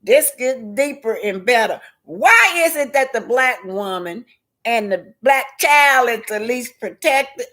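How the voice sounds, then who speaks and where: A woman with a high voice gives unhurried commentary on show clips, speaking straight to her viewers. She is emphatic and circles back to repeat her points. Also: bright, forceful tone. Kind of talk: casual vlog commentary.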